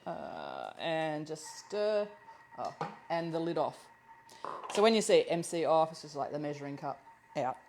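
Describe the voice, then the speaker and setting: A woman with a slightly low voice runs a live cooking class from her home kitchen. She chats casually while she cooks, thinking aloud and laughing easily. The sound is low-quality livestream audio. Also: very animated, a little slow, darkish tone, a little hiss or hum.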